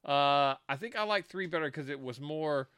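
A man's voice: fairly high pitch, normal speed, a bit bright, clear, resonant tone, dry recording, clean studio sound. A man chatting casually and enthusiastically about a TV show, laughing often and swearing freely. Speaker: co-host discussing a TV show. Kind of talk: casual chat.

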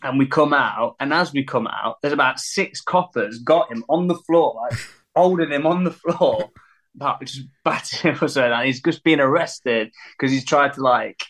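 Lively musician telling stories. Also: male voice, medium pitch, normal speed. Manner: animated, laughing storyteller who acts out quotes. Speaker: musician guest. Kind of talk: casual anecdote telling.

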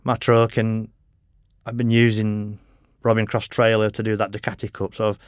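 A man's voice: fairly low pitch, flat delivery, normal speed, dry recording, clean studio sound. A middle-aged man, a podcast guest telling rambling stories in a casual way, swearing freely and laughing often. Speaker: podcast guest, motorcycle racer. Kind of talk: casual interview chat.

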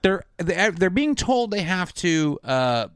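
A man casually discussing a film with friends, animated and mocking the characters in silly voices. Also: sits high, slow pace.

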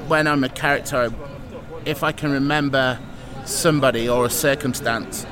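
A man's voice: mid-range voice, fairly even intonation, moderate pace, a crowd in the background. Guest, East Midlands English man, earnest, recorded outside near traffic. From Mansfield, England. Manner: open, earnest, explains with fillers. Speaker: improviser and presenter. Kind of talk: casual interview talk.

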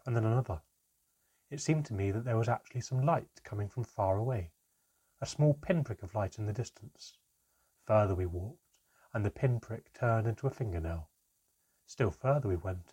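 A man narrating a storybook chapter in a steady, measured reading. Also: lowish voice, husky.

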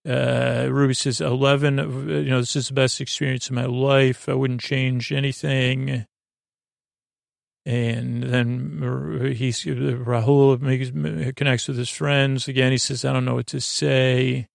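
A man's voice: medium pitch, flat delivery, slow pace, vocal fry, no echo, clean studio sound. A man hosting a sleep podcast, recapping a show in a casual, rambling way with many hesitant fillers.

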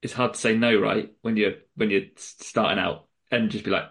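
Sympathetic podcast host. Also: male voice, fairly low pitch, fairly even intonation, fairly bright tone. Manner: sympathetic, halting, with many restarts. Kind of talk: casual podcast chat.

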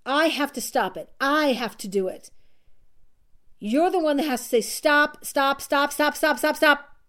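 High-voiced woman giving an earnest self-help talk. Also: a little mellow. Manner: earnest and repetitive, laughs at herself. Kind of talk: motivational talk to listeners.

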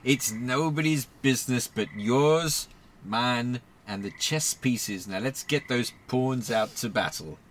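A man's voice: medium pitch, slow pace, a bit bright, a little hiss or hum. A man doing a northern shepherd. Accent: attempted northern English. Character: rough-spoken male shepherd, proud and easygoing. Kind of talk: comedy podcast drama sketch.

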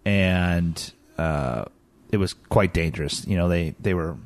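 Low-voiced man telling a family story. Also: slow pace. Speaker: parent vlogger. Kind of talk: casual chat.

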